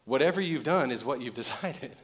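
A man's voice: medium pitch, expressive, fairly quick. A man preaching a sermon as pastor, talking in a conversational way with joking asides and building to emphatic points.

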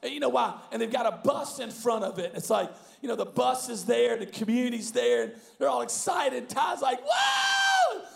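A male pastor preaching a sermon, telling a story animatedly, with bursts of shouting and frequent restarts. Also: extremely high pitch, fairly quick, gravelly, few pauses, a faint crowd. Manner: many repeated words and restarts.

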